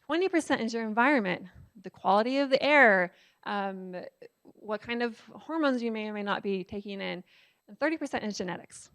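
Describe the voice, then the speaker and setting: A woman's voice: fairly high pitch, animated, a little fast, a bit bright. A woman giving a public lecture in a conversational way, often checking with the audience and using filler words. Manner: conversational, asks the audience "right?"; frequent "um" fillers.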